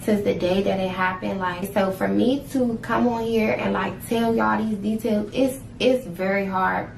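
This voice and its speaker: Eyewitness woman, halting and pained; gravelly, echoey room, slight noise. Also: medium pitch, fairly even intonation. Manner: halting, many fillers, visibly pained. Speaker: interviewee, eyewitness. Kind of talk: emotional personal testimony. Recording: roomy ambient recording, faint noise.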